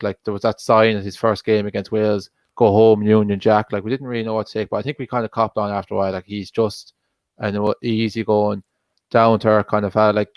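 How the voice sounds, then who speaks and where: A man with a lowish, smooth voice chats easily about football, saying "like" a lot. The recording is dry and close. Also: no echo. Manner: relaxed, reflective, says "like" a lot. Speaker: co-host of a football watch-along. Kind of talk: casual chat.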